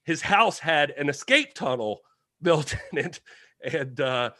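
A male podcast co-host in a casual, joking chat. His voice sits a little high and swings widely in pitch. The sound is dry and close. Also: takes it slowly, dry recording. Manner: animated, jokey, adds asides.

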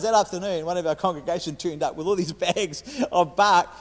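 High-voiced Kiwi preacher in a hall. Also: male voice, fast talker, hardly any pauses. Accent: New Zealand. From New Zealand. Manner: repetitive restarts, swings from loud to hushed. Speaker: guest preacher. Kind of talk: sermon. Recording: echoey hall.

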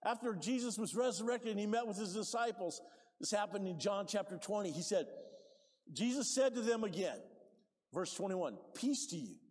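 A man preaching a sermon with lively swings from quiet to loud, asking for amens. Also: high voice, moderate pace, breathy edge, in a large hall.

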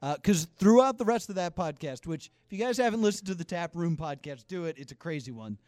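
A man with a high voice hosts a podcast and chats easily with his guest, laughing often. His voice is recorded dry, with no room echo. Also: lively intonation, fast, a little mellow. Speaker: podcast host. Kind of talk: casual interview.

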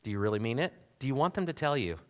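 This pastor preaches a conversational sermon, throwing out rhetorical questions and swinging between loud emphasis and hushed asides. His medium-pitched voice races along with big pitch swings.

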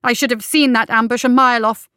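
A woman's voice: fairly high pitch, fairly even intonation, fast, sharp tone, clean tone, no room sound, clean studio sound. A woman voicing a blunt, tough female fighter with clipped lines in an audiobook. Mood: curt, terse.

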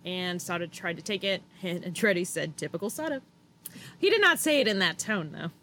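A woman co-hosts a casual podcast about motor racing, chatting freely, swearing and acting out drivers' lines. Her fairly low voice swings widely in pitch and sounds brisk, pushed and bright, with a little hiss or hum in the background.

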